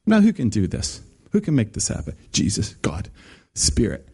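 A man preaching a sermon, telling a story in an animated, emphatic way with frequent restarts. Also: on the low side, moderate pace, gravelly, husky.

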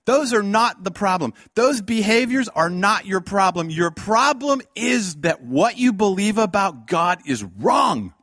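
A man preaching a fiery sermon, swinging between loud outbursts and hushed lines and acting out the voices he quotes. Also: high voice, very animated, a little slow, few pauses, dry recording, clean studio sound.

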